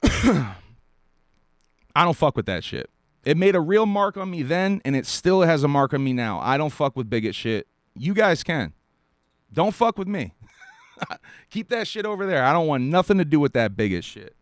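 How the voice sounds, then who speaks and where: A man's voice: fairly high pitch, very animated, normal speed, no echo. A man from South Carolina hosting a live stream, ranting bluntly and profanely with short laughs and a dry mouth. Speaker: podcast host. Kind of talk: live-stream commentary rant.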